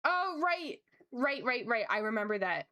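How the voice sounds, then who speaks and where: Young woman, streamer, casual chat while drawing, bubbly, gushing, a little high voice. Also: big pitch swings, pushed and bright, clear, resonant tone. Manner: bubbly, gushing, quick asides.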